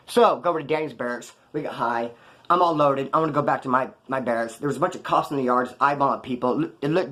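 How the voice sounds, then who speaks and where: A man's voice: fairly high pitch, a bit bright. A man casually telling rambling, profane prison stories off the cuff, full of slang. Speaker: storyteller recounting his prison past.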